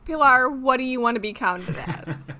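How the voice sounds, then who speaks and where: A young woman co-hosting a podcast in a casual chat, playful and quick to laugh. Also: sits high, expressive, sharp tone. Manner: chatty, laughs often, playful. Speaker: podcast co-host.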